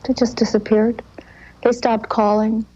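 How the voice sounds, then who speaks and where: Woman interviewee, earnest and halting, dull lo-fi 1980s TV sound. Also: fairly high pitch, little pitch movement, dark tone. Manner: halting, earnest, with frequent restarts. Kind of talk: emotional recollection in a TV interview.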